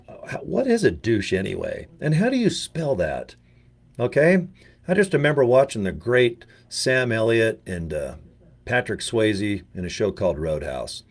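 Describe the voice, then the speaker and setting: Older man, low-pitched, rambling and jokey, slangy casual monologue, video presenter. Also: sing-song, unhurried. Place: home in Utah.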